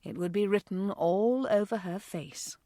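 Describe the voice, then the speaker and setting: A woman narrating an audiobook in a smooth, expressive reading voice. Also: medium pitch, a little slow, no room sound, clean studio sound. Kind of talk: scripted narration.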